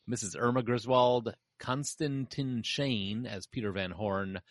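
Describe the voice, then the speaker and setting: A man's voice: mid-range voice, measured pace. A man hosting a casual podcast chat, reading out film credits and trailing off mid-sentence. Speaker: podcast host.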